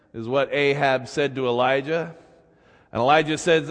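Animated preacher telling a story. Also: male voice, medium pitch, unhurried, long reverb tail. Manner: animated, colloquial retelling. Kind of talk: sermon storytelling.

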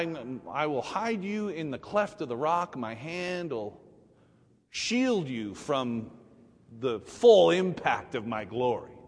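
A preacher playing a calm, reassuring God. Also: male voice, in a large hall. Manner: low, soft, unhurried reassurance. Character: calm, easygoing God, relaxed fatherly male voice.

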